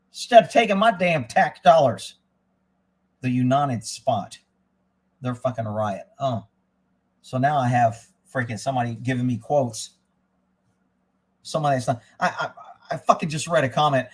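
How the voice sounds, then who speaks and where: A man hosting a live stream, ranting angrily with constant swearing, dropping to a mutter and then rising to shouts. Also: medium pitch, lively intonation, moderate pace, husky.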